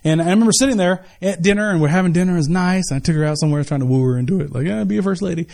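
Middle-aged male pastor, high-pitched, animated and chatty from the pulpit. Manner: animated, conversational preaching with asides and quick retellings. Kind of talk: sermon.

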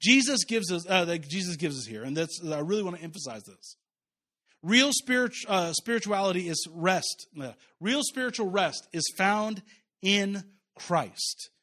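High-voiced man preaching a sermon. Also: animated, moderate pace, sharp tone. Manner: conversational, self-correcting, with asides to the congregation. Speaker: pastor.

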